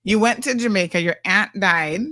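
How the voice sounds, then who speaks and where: A woman's voice: mid-range voice, moderate pace, bright, forceful tone. A woman hosting a radio talk show, exclaiming and asking probing questions. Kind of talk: casual chat.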